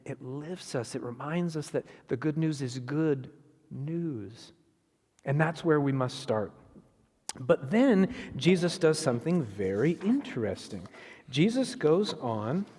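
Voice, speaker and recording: A man preaching a sermon in a church, animated and conversational, voicing quick asides as he retells the story. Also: medium pitch, breathy edge, long reverb tail. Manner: animated, acts out Jesus's words in quick asides. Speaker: guest preacher. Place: church sanctuary.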